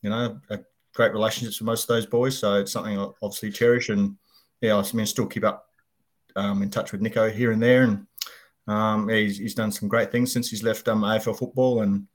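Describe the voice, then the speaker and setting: Middle-aged Australian male guest, low-pitched, easygoing, hesitant. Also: brisk. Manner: relaxed, many ums. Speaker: guest, retired footballer. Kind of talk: casual interview chat.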